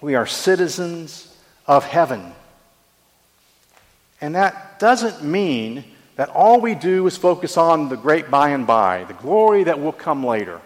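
A man's voice: on the high side, very animated, unhurried, long reverb tail. A man preaching a sermon, telling a story earnestly and asking rhetorical questions. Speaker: pastor.

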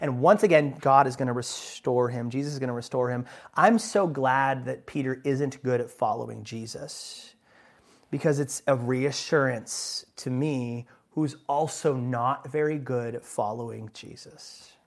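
A man's voice: mid-range voice, unhurried. A male pastor preaching a sermon in a conversational, emphatic way, often checking in with the congregation. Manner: animated and emphatic, swinging from quiet asides to loud bursts; conversational, asks the congregation "right?".

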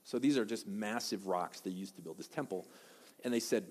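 A man preaching a sermon as pastor, talking fast and conversationally with sudden loud bursts. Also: lowish voice. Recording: long hall reverb.

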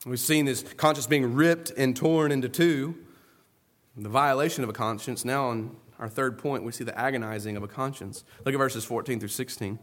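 A man's voice: fairly even intonation, normal speed. Earnest man preaching a sermon. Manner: earnest, with wide swings between soft low asides and loud emphatic stresses. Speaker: pastor.

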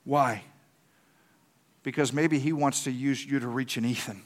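A man's voice: mid-range voice, steady tone, a little slow. A man preaching a sermon as pastor, impassioned, often repeating words and putting questions to the congregation.

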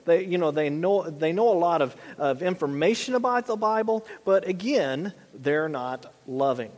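A man's voice: on the high side, lively intonation, normal speed. A man preaching a conversational sermon as a pastor, often repeating and restarting his phrases. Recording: long hall reverb.

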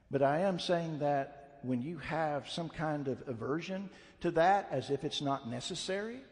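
High-voiced preacher in a reverberant hall. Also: male voice. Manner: blunt, emphatic preaching with rising fervor. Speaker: pastor. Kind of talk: sermon. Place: church sanctuary.

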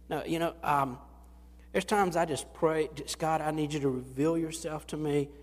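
A man preaching a sermon as pastor, talking conversationally, acting out quotes and often restarting his phrases. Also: a little high. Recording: long reverb of a large hall.

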